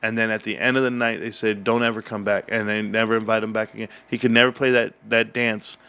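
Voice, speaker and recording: A man's voice: on the low side, fast talker, clean tone. A man hosting a casual livestream, rambling and joking as he chats and reads the chat. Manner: rambling, animated, jokey. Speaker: livestream host.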